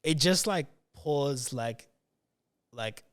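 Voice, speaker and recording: Rambling man with a smooth voice. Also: medium pitch, animated, extremely slow, a bit bright. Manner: rambling, filler-heavy, often restarts his sentences. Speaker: podcast host. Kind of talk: casual chat.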